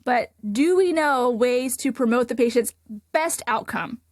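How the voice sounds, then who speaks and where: A woman who works as an ICU nurse and hosts a podcast, telling a story in a casual, animated way, full of "like" fillers. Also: fairly high pitch, unhurried, dry recording, studio quality. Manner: animated, chatty, many "like" fillers.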